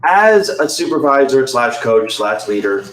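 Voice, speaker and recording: A man coaching a sales team leads the meeting with open questions. His voice sits at a middle pitch. The room around him is echoey. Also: sing-song, a little slow, fairly bright tone.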